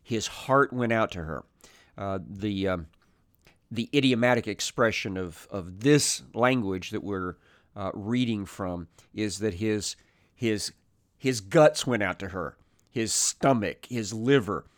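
A man with a fairly low voice teaches Scripture at a very slow, deliberate pace. He pauses often and restarts his phrases as he explains. The sound is close and dry. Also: dry recording. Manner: measured, thoughtful, with frequent "uh" pauses and restarts. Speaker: Bible teacher. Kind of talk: unhurried Bible teaching.

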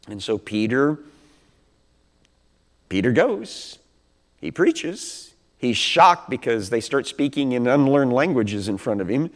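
A man preaching a Bible teaching sermon in a conversational way, asking rhetorical questions and acting out quotes. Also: mid-range voice. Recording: long hall reverb.

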